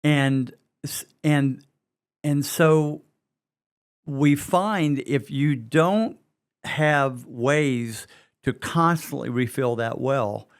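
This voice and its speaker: A middle-aged man with a West Virginia Southern accent, co-hosting a leadership podcast in an earnest, conversational way. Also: mid-range voice. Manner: slow, earnest, repeats words while reasoning.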